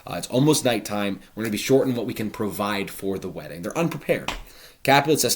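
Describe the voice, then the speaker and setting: A man's voice: lowish voice, animated, quick pace. A man teaching a play, explaining each line in a conversational, paraphrasing way with casual fillers. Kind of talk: explanatory literature lesson.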